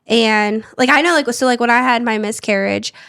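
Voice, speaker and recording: A woman's voice: fairly high pitch, a little fast, fairly bright tone, no echo, clean studio sound. A young woman hosting a podcast, chatting earnestly and leaning on lots of "like" fillers. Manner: earnest, filler-heavy with frequent "like". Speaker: podcast host. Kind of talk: casual chat.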